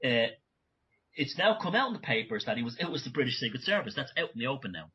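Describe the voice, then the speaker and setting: A man's voice: mid-range voice, very animated, fast talker, sharp tone, slightly rough, lo-fi sound. A man speaking as a guest in an interview, talking in long rambling runs with many restarts and self-corrections. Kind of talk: remote conversational interview.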